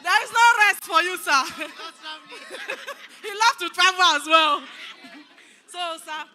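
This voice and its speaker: A woman's voice: very high voice, slow, crowd noise, noisy background. A woman with a Nigerian accent presenting gifts to a retiring boss at an indoor party, speaking politely and deferentially in a formal thank-you speech. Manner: polite, deferential, addresses him as sir.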